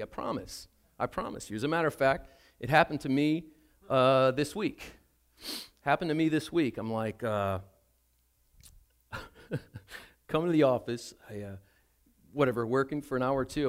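An older man preaching a sermon as a pastor, telling a story about himself in a chatty, self-deprecating way. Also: mid-range voice.

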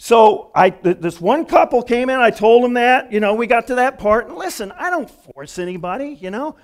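High, lively-voiced man preaching. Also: normal speed. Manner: storytelling, acting out quoted voices. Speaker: pastor. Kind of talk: conversational sermon.

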